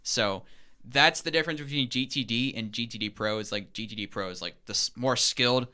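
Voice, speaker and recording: A man's voice: medium pitch, fairly quick, bright, forceful tone, clean tone. A young man co-hosting a podcast, eagerly explaining in a casual, rambling way with lots of fillers. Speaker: podcast co-host.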